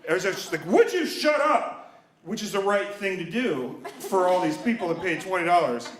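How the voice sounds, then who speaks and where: A man's voice: high voice, a little fast, echoey room. A man in his thirties telling a personal story live, wry and self-mocking, acting out the voices of the people in it. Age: 30s.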